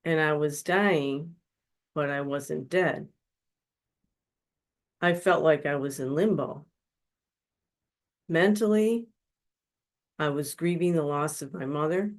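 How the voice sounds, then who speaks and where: A woman with a low voice takes her time and pauses often as she shares her personal story. She's a spiritual counselor appearing as a guest speaker on a webinar, and her testimony comes across as earnest and confessional, picked up by a webinar microphone.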